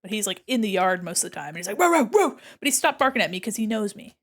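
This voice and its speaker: While creating digital art on a live stream, this woman talks fast in a mid-range, fairly bright voice with lively intonation. She chats casually with viewers and thinks out loud, rambling bubbily and giggling frequently.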